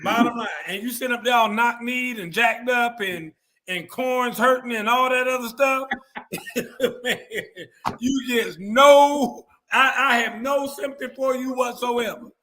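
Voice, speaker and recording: A man with a high, bright voice rants bluntly through casual sports talk. He curses freely, and he slips into mocking voices for the people he quotes. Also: fairly even intonation, moderate pace. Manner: blunt, profane, ranting; mimics others in quoted asides. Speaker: show host.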